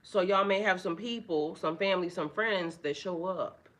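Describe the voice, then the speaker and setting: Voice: mid-range voice, normal speed, a bit bright. A spiritual tarot reader giving a casual live reading, chatty and profane, greeting viewers by name.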